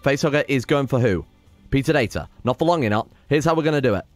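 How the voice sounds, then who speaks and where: Excitable man narrating gameplay. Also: mid-range voice, fast, dry recording, faint music behind. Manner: excitable, swears, talks to his colonists. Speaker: gaming channel host. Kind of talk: casual let's-play commentary.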